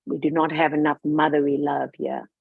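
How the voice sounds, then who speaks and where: A woman's voice: sits low, flat delivery, moderate pace, creaky, breathy edge, no room sound. A woman guest talking with passion, emphatic and outspoken about her views. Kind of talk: passionate personal talk. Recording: dull lo-fi recording.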